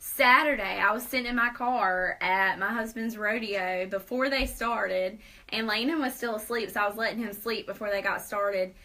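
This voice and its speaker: A woman's voice: medium pitch, normal speed, sharp tone, poor audio. A young woman hosting a live video Q&A, upbeat and persuasive, laughing often. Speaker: host.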